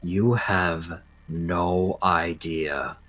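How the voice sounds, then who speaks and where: A man voicing a determined woman adventurer, speaking slow and low with intensity. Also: fairly even intonation, over a noisy crowd. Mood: angry. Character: Roberta, fierce loyal woman adventurer.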